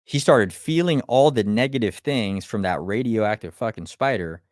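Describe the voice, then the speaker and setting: In a lowish, animated voice at a moderate pace, a motivational speaker delivers a live talk full of blunt swearing. He rattles off rhetorical questions and stumbles through restarts as he gets worked up. Studio-quality audio, dry and clean.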